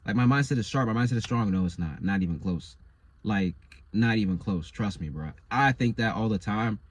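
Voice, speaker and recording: A man's voice: on the low side, fairly quick. A man delivering a motivational monologue as a coach, insistent and slangy, repeating his phrases over and over.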